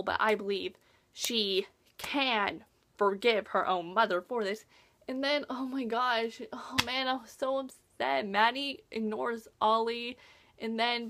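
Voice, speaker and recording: Gushing teenage girl with a high voice. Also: slight background noise. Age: teens. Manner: gushing, chatty, full of "like" fillers; lively retelling with reactions. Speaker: book reviewer. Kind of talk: casual book review vlog.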